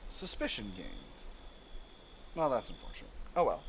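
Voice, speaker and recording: A man's voice: on the high side, sing-song, normal speed, fairly bright tone, slight background noise. A man hosting a let's play, reading game text aloud and thinking through his choices with hesitant fillers. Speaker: gaming channel host.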